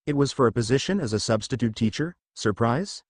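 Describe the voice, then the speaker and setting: A man's voice: mid-range voice, expressive, fairly quick, slightly rough, dry recording, studio quality. A man voicing a sassy teasing wife. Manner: sassy, nonchalant. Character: playful, teasing young wife.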